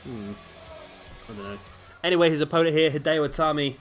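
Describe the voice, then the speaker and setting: A man's voice: fairly high pitch, animated, fairly quick, soft background music. A man giving casual, rambling play-by-play commentary over a video game, often questioning himself aloud. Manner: rambling, self-questioning, chatty.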